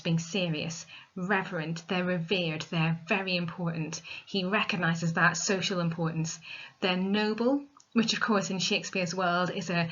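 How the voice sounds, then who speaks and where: A woman teacher giving a recorded literature lesson, explaining step by step in a clear, methodical way. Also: medium pitch, fairly bright tone. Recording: dull lo-fi recording.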